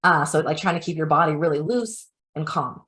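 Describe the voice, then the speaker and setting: A young woman who is herself a parent presents a parenting webinar in an informal teaching style, chatty and full of "like" and "you know." Her voice is deep and fairly bright in tone, and she talks briskly.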